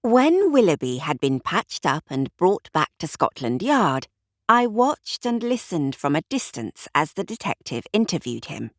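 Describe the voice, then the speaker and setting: A woman narrating a mystery audiobook with expressive storytelling. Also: lowish voice, measured pace, dry recording, studio quality. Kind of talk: scripted narration.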